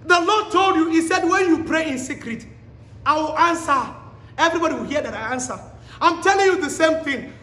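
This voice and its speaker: A man preaching a sermon to a live congregation, pleading and exhorting with shouted, repeated commands and quizzing the listeners directly. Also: very high-pitched, brisk. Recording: echoey hall with long reverb.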